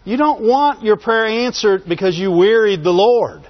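High-voiced preacher asking "Amen?". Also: male voice, expressive, normal speed. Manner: asks the congregation for call-and-response "Amen?"; repeats phrases for emphasis and chuckles between points. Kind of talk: sermon. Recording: dull lo-fi sermon recording.

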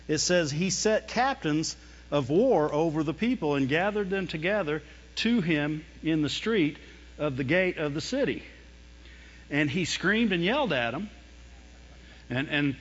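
A man preaching a lively sermon, mimicking whining voices and laughing often as he talks. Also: on the high side, big-room sound. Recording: dull lo-fi sound.

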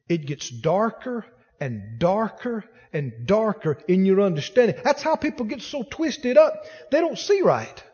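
In a very high, husky voice, a preacher urges his congregation on with emphatic, repetitive exhortation that builds in intensity, repeating lines for force. The recording is dull and carries long reverb from a large hall.

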